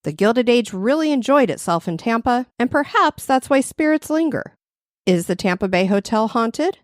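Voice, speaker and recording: A woman co-hosting a podcast, reading a scripted narration in a measured, descriptive way. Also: a little high, lively intonation, dry recording, studio quality. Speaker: podcast co-host.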